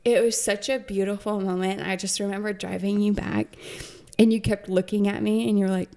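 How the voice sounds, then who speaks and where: Woman, charity interviewer: gravelly, chatty, gushing, rambling. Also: mid-range voice, flat delivery, brisk, warm tone. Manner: effusive, rambling, lots of "like". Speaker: charity staff member interviewing. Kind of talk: warm conversational interview.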